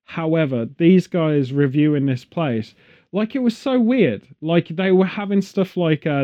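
A man's voice: fairly high pitch, lively intonation, measured pace, mellow, lo-fi sound. An English man from England hosting a casual chat, full of sarcastic, joking rants.

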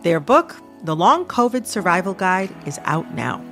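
A woman's voice: lowish voice, very animated, a little slow, faint music behind. A woman hosting a radio interview, asking reflective, thoughtful questions. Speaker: podcast host.

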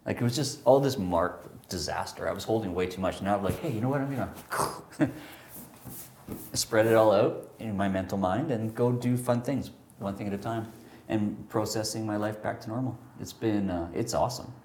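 A man's voice: lowish voice, moderate pace, reverberant. A man telling a personal story in casual chat, rambling with lots of fillers and acting out what people said. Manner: rambling, animated, many fillers, acts out quotes.

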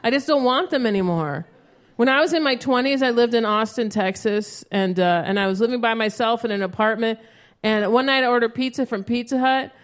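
A woman in her thirties performing a profane, animated stand-up set on a club stage. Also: fairly high pitch, brisk. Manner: profane, animated storytelling with acted outbursts. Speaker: stand-up comedian. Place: comedy club stage before a live audience. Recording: live show with audience noise.

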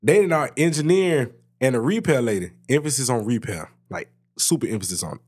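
A man co-hosting a podcast, telling a story about work in a casual, swearing, animated way. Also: brisk, slightly rough. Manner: animated storytelling, swears freely, jumps high in pitch when excited. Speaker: podcast co-host. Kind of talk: casual chat.

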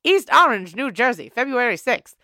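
Old-timey newsreader, as a woman puts it on: high, grand, slow and theatrical. Smooth, dry sound. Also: very animated, bright, forceful tone, no echo. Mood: mock-grand.

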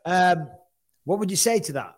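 A man's voice: high voice, lively intonation, moderate pace. A man hosting a casual sports talk show, chatty and teasing, often repeating himself. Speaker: host and commentator.

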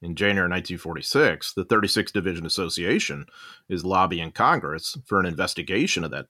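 A man explaining history as a guest in a casual podcast discussion, in a measured way. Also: sits low, pushed and bright, no echo, clean studio sound.

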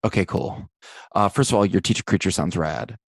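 Rambly chummy guy, low gravelly voice, dry mic. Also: fairly quick, dry recording. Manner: rambling, chummy, full of hedges. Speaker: podcast guest. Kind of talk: improv comedy scene.

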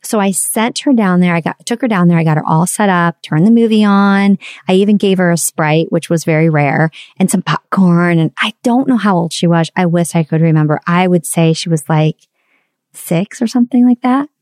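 A woman's voice: lowish voice, normal speed, darkish tone, dry recording, clean studio sound. A woman in her forties sharing a candid, confessional personal story and reflecting on parenting.

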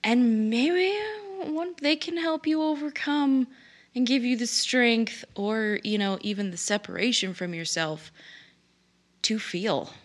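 A woman's voice: a little high, slow. A woman co-hosting a podcast in casual chat, reading listener questions and laughing often. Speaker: podcast co-host.

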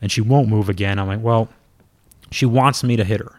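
Male storyteller, low voice, dry close sound, casual and self-deprecating, swears easily. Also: steady tone, a little fast, no room sound. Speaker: former pro wrestler telling a story.

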